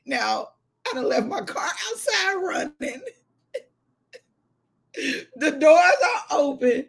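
A woman's voice: sits high, unhurried, gravelly, long pauses, a bit bright, breathy edge. A woman hosting a morning devotional show, chatting casually and laughing with her live viewers. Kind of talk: casual chat.

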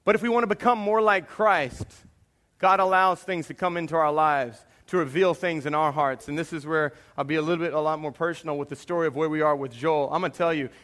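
A man, preaching a sermon with animated bursts and hushed confessional moments. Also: on the high side, a little fast. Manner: animated preaching, drops to a quiet hush for confessions. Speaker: pastor.

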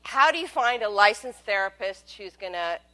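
A woman telling a personal story as a monologue, wry and candid, swinging between loud bursts and hushed asides. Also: mid-range voice, expressive, normal speed.

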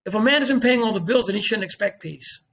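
A man's voice: high voice, expressive, fast, fairly bright tone, breathy edge. A man, talking as a podcast guest in casual chat, emphatic, repeating himself and swearing freely.

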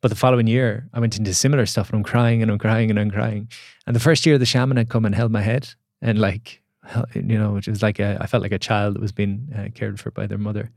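A man, a podcast guest and coach, telling a reflective story in an earnest, halting way with repeated words. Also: on the low side, steady tone, creaky, darkish tone, dry recording, clean studio sound.

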